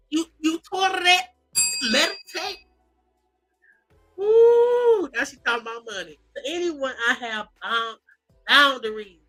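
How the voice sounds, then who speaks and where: Sassy animated woman reading celebrity posts. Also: high voice, poor audio. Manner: animated, sassy, mock-crying, drawling asides. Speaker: commentary host.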